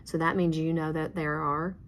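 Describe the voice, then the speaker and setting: A woman's voice: deep voice, flat delivery, normal speed, slight background noise. A woman teacher guiding a student step by step through a reading lesson, patient and encouraging, sometimes dropping to a whisper.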